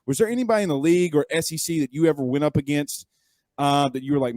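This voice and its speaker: A man's voice: on the high side, fast, a little mellow, dry recording. A man hosting a sports interview show, asking long, chatty questions full of fillers. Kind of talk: casual interview.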